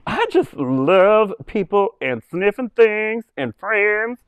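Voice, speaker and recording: A man voicing a cheerful corgi puppet from space, a little boy dog who talks in a slow, squeaky, childlike way. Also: expressive, clear, resonant tone, dry recording. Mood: giddy.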